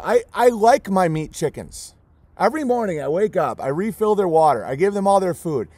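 A man with a fairly high voice delivers an impassioned vlog rant about raising his own animals. He speaks emphatically and emotionally, stays close to tears and hammers the same words over and over. The sound is dry and close, with no room around it. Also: a little mellow, no room sound. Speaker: homesteader raising goats and chickens.

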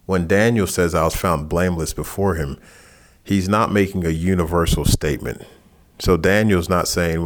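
A man teaching a Bible passage in a relaxed, conversational sermon, who rises in pitch for lively asides. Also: normal speed. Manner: casual and animated, jumps higher in pitch for asides. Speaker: pastor.

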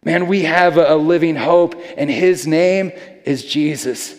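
A man's voice: fairly high pitch, steady tone, unhurried. A man preaching a sermon as a pastor, talking in a casual, earnest way and often repeating words as he goes. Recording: long hall reverb.

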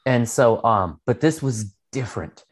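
A man's voice: mid-range voice, animated, unhurried, husky. Laid-back rambling man. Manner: rambling storytelling, heavy filler words and swearing. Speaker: podcast co-host. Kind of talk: casual chat.

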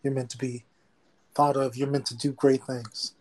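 A man's voice: medium pitch, little pitch movement, normal speed, a little mellow, rough recording. A man hosting a live motivational talk show, emphatic and preachy, repeating lines for effect. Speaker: host.

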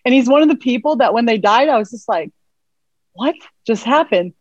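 A bubbly woman talks as a guest on an interview show, laughing easily between her thoughts. Her voice sits a little high. The sound is dry and slightly dull, like a lo-fi recording. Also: animated, fast talker, darkish tone, no room sound. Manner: bubbly, laughs often, chatty fillers. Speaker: guest, mindset coach. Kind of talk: casual interview chat.

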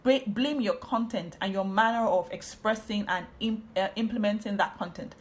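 A woman's voice: medium pitch, moderate pace. A woman, hosting a podcast and giving a casual, chatty Bible teaching on marriage, often drifting into asides.

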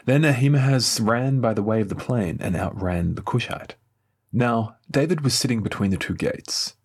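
A man leading morning prayer, reading scripture aloud in a measured, solemn way and lifting his voice slightly for quoted speech. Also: on the low side, slightly rough.

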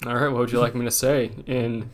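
A man's voice: medium pitch, little pitch movement, fairly quick, heavy background noise. A man co-hosting a podcast over a video call, joking in casual chat and laughing at himself. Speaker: podcast co-host.

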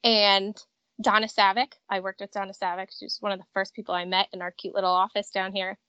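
A woman in her thirties, a company director, telling stories in a chatty, animated way as a guest in a casual interview. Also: medium pitch, fast talker, smooth, dry recording, muffled recording. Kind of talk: casual interview over a call. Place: vacation home with traffic outside.

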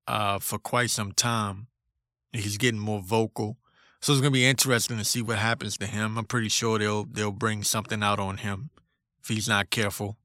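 Guy ranting solo on his podcast, cussing a lot, bright edgy voice, dry close sound. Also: lowish voice, no room sound. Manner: blunt, profane, combative. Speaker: podcast host.

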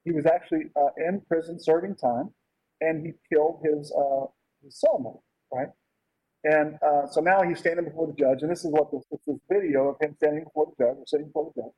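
A man with a husky, slightly breathy voice gives a loose, conversational sermon. He keeps checking in with his listeners and asking "right?" as he talks. The recording sounds dull and lo-fi. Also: a little high, steady tone, fairly quick, no echo. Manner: informal, asks "right?" often. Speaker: preacher.

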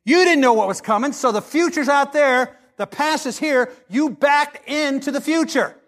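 A pastor delivering a sermon, reading scripture dramatically and preaching with passion. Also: male voice, very high-pitched, moderate pace, a bit bright.

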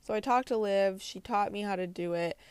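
Chatty woman with a smooth, clear voice. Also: mid-range voice, fairly quick, a little mellow, dry recording. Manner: chatty, earnest, many fillers and restarts. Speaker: podcast host. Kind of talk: casual spiritual talk to listeners.

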